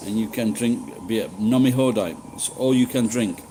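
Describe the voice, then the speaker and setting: A man's voice: on the low side, moderate pace, dark tone, a little hiss or hum, rough recording. A middle-aged man chatting casually with live-stream viewers, rambling and swearing freely. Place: living in Japan.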